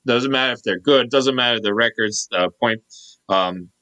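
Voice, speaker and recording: Lo-fi sound carries a medium-pitched, sharp-toned male voice at a moderate pace. He's a podcast co-host in his thirties whose casual talk rambles, with plenty of fillers and restarts.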